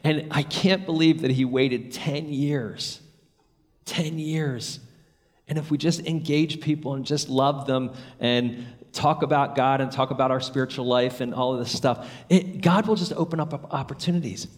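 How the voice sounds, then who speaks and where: A man's voice: mid-range voice, moderate pace, long reverb tail. A man preaching a sermon, earnest and storytelling, rising to emphatic peaks.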